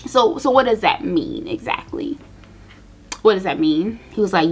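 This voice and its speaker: A young woman vlogger chatting casually to her viewers, telling a personal story while doing her makeup, animated and direct. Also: mid-range voice, a little slow. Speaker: beauty vlogger.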